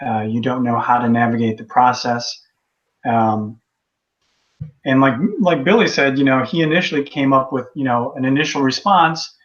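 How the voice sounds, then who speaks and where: A male guest from Texas explains things at an even, steady pace. His voice has a middle pitch. The audio sounds dull and lo-fi. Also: moderate pace. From Texas, USA. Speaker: guest appraiser. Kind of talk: casual webinar talk.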